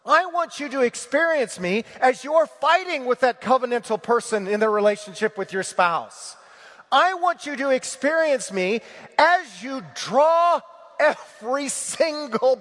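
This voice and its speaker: A man's voice: very high voice, fairly bright tone, in a large hall, voice pushed up, full character voice. A man voicing Jesus, earnest and pleading, repeating each appeal with rising emphasis. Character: Jesus speaking lovingly to a listener, male adult.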